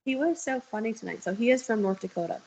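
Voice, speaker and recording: A woman's voice: a little high, expressive, fast, darkish tone, slightly rough, poor audio. A young woman talking candidly on a video call, telling stories and swearing freely. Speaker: guest. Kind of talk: casual chat.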